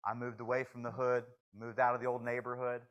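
A man preaching a sermon in a folksy, joking manner, swinging from hushed confession to loud exclamations. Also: mid-range voice, monotone, a little fast, rough recording. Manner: shifts from hushed to shouting.

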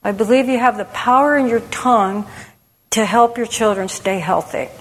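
With a fairly high pitch at normal speed, a middle-aged woman offers an open, frank testimony to churchgoers in her role as a women's ministry speaker. She restarts often and leans on "you know," and a long hall reverb colors the audio.

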